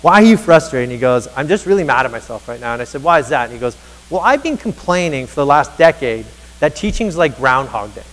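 A man's voice: medium pitch, fast talker. A man giving a motivational keynote to educators, telling stories and acting out the dialogue with energy. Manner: energetic storyteller, acts out dialogue. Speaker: keynote speaker on teacher happiness. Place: large conference hall. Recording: reverberant hall.

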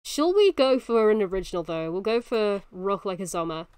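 A young woman in her twenties streaming a game, excitable and laughing often, swearing freely. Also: medium pitch, normal speed, clean tone. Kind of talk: casual livestream commentary while gaming.

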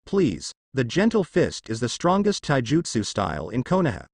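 A man's voice: medium pitch, huge pitch swings, normal speed, creaky, no room sound, clean studio sound, exaggerated voice. A man voicing an arrogant young male fighter who brags and rants about his clan. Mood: boastful. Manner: bragging, ranting.

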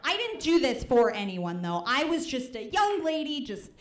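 On a comedy club stage before a live audience, a young Midwestern comedian with a high, sing-song voice talks at a normal pace. Her stand-up is chatty and self-deprecating, packed with "like" and "right?", and the club sound is roomy.

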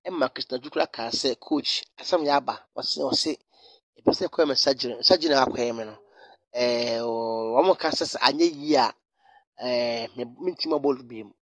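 A man presenting online news commentary, animated and repeating phrases for emphasis. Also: medium pitch, normal speed, no room sound. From Ghana.

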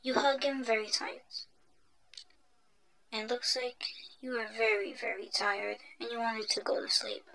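A woman narrating a listener role-play story in a soft, half-whispered ASMR manner. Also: fairly high pitch, very animated, a little slow, creaky, poor audio.

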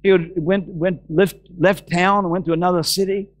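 An Australian man preaching from the pulpit in a church. He has a high-pitched voice and slows right down to stress and repeat Bible phrases. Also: fairly even intonation. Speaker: pastor. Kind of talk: sermon.

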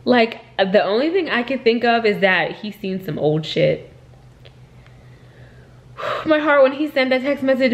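A woman's voice: fairly high pitch, animated, a little slow, pauses often, lo-fi sound. A young woman in her twenties vlogging casually to camera while she has a head cold, talking candidly and swearing freely. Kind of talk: casual vlog chat to camera. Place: home and in a car.

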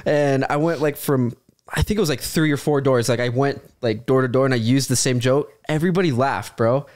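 A man's voice: mid-range voice, fairly quick, a little mellow. Laid-back young man spinning a story. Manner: laid-back storyteller, says "bro" and "like" a lot. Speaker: podcast co-host. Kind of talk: casual chat.

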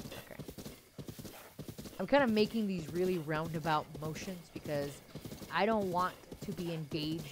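A woman's voice: fairly low pitch, noisy background. A young woman live-streaming a video game, chatting with viewers and scolding her horse, laughing often. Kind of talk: casual live-stream chat.

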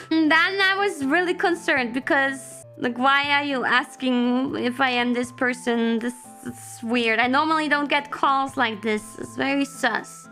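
Woman, high voice, bright tone, animated casual storytelling, faint music behind. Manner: animated, flustered retelling with laughs and repeated questions. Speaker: streamer.

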